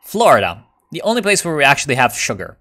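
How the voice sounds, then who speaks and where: A man giving casual, joking commentary while playing a strategy game. He rambles excitedly and swears often. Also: mid-range voice, fast. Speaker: video game player.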